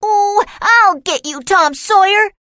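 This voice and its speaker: Woman as a petulant schoolgirl, very high and bright. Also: expressive, a little slow, no echo, studio quality, heavily acted. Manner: shrill, petulant. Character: proud spoiled schoolgirl, easily offended.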